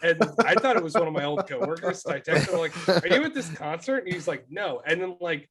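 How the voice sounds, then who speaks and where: A man's voice: fairly high pitch, lively intonation, brisk, a loud crowd. A man co-hosting a podcast, telling stories in a casual, profane way. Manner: profane storytelling. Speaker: podcast co-host. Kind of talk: casual chat.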